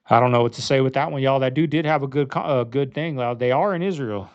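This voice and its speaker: A man's voice: mid-range voice, fast talker, hardly any pauses, clean tone. A man hosting a reaction video, talking in a fired-up, rhetorical way and calling his viewers y'all. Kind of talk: casual commentary. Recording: dull lo-fi, dry close sound.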